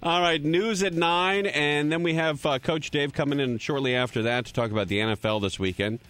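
A man co-hosting a live call-in radio show, telling stories with lively acted-out voices. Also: on the high side, a little fast, soft background music. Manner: lively storyteller, acts out the people in his stories. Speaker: radio co-host.

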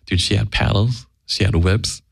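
A man's voice: lowish voice, fairly even intonation, normal speed, gravelly, breathy edge, dry recording, studio quality. A man telling a casual, profane anecdote in a blunt way, acting out the quoted lines. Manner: blunt, acts out quoted dialogue. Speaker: guest storyteller.

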